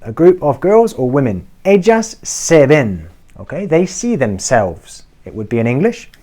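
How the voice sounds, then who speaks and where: A man teaching a beginner Spanish lesson to camera, checking in often with "okay?" and slowing down to model each Spanish form. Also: fairly high pitch, sing-song, dark tone. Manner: encouraging, checks in with frequent "okay?". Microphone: talking to camera.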